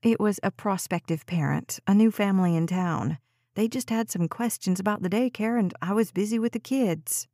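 A woman reading an audiobook voices a concerned, helpful daycare coworker in a gentle, offering manner. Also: medium pitch, normal speed, no echo, studio quality, close to an everyday voice. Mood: hurried.

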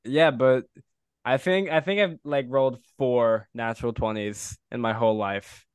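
A man's voice: mid-range voice, fairly even intonation, moderate pace, smooth, no room sound. A man playing a tabletop game, joking in character and sounding a bit sheepish about his own choices. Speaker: player. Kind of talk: casual tabletop game chat.

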